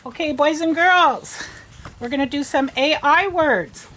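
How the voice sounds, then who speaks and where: Slow, high-voiced woman reading teacher. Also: a bit bright. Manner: slow, sounding out letters and words; encouraging, asks children questions. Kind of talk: early reading lesson.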